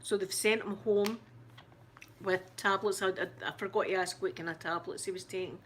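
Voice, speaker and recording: Shaken Scottish woman, talking haltingly. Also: mid-range voice, steady tone, a bit bright, a little hiss or hum. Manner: halting, shaken, many restarts and fillers. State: upset, close to tears. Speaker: ASMR channel host. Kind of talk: casual live chat.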